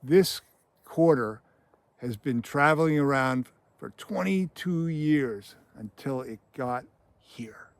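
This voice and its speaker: A man retelling a film scene, voicing a calm, menacing male killer who toys with his victim in an unhurried, deadpan way. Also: medium pitch, no echo, lightly acted. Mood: coolly menacing. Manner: quiet, measured, deadpan menace.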